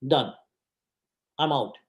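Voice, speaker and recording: A man's voice: mid-range voice, slow, background noise. A man giving a presentation, telling a personal story with dramatic, emphatic repetition. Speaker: guest speaker. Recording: roomy event hall.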